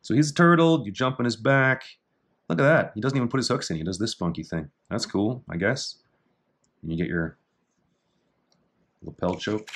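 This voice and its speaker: A middle-aged man casually talking through techniques in a martial arts book, with dry offhand asides and slow, halting reading of foreign terms. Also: on the low side, a bit bright. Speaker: jiu-jitsu instructor reviewing a technique book. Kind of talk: casual commentary.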